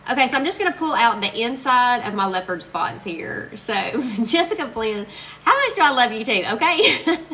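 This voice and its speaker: Lady crafting on a livestream, bright tense voice, talks a mile a minute and laughs a lot, bit of faint noise behind. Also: on the high side, sing-song, poor audio. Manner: chatty, gushing, quick to laugh. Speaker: crafter live-streaming. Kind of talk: casual live-stream chat while crafting.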